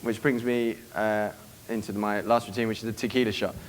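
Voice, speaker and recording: A man giving a seminar to a live room, brisk and profane, acting out club scenes as he goes. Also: lowish voice, flat delivery, a little hiss or hum. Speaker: dating coach giving a seminar. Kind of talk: live seminar talk to an audience.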